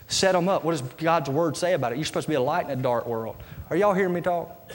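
A middle-aged man preaching a sermon as pastor, asking his congregation rhetorical questions in an animated way. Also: high-pitched, a little fast. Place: church sanctuary. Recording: live church recording with reverb and music.

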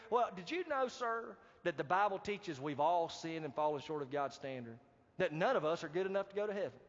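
Man, pastor, sermon, high voice, animated call-and-response, long hall reverb. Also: fairly quick. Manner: animated, calls out to the congregation for responses. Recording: dull, reverberant hall recording.

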